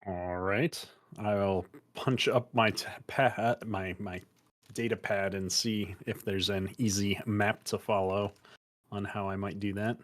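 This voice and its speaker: Hesitant low-voiced man playing a tabletop game. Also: steady tone, a little slow. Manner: hesitant, stumbling restarts. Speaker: player. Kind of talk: tabletop role-play.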